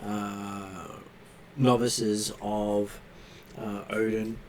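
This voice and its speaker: A man narrating a tabletop game as game master, pausing often on fillers as he describes scenes. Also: lowish voice, little pitch movement, a little hiss or hum. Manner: hesitant, filler-heavy narration.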